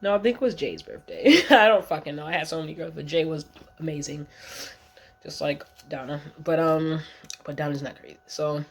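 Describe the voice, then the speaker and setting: A woman's voice: low voice, a little fast, husky. Blunt, profane woman in her thirties. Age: 30s. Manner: blunt, profane, slangy and rambling. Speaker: vlogger. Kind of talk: casual storytime monologue.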